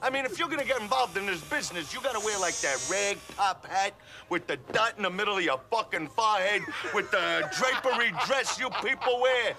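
A hot-tempered foul-mouthed brawler. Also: male voice, high-pitched, animated, fairly quick, background noise. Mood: abusive. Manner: foul-mouthed, insulting, shouting. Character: hot-tempered, foul-mouthed man, quick to pick fights. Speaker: abrasive customer in a film scene. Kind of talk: film acting.

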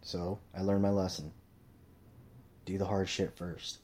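A young man talking casually into a mic in a profane, rambling monologue, swearing constantly and telling animated stories. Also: deep voice, measured pace. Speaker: commentator.

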